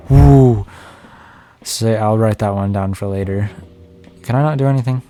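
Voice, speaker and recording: Man, low voice, joking gameplay commentary, faint game music behind. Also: normal speed, pauses often, warm tone. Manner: chatty, jokey, talks to himself while playing. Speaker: streamer.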